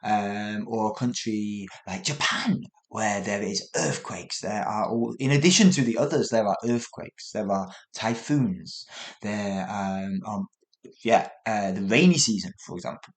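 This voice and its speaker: A middle-aged man, hosting a podcast for learners and telling a story in a casual way. He is animated, mimics sounds with little noises and corrects himself mid-sentence. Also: on the low side, measured pace. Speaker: English teacher podcast host.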